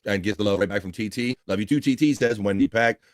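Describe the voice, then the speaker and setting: A man's voice: on the low side, fast, dry recording. A man from the Baltimore area with a Baltimore accent, hosting a casual livestream and reading viewer comments aloud in an easygoing, chatty way. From Baltimore area, United States. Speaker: livestream show host.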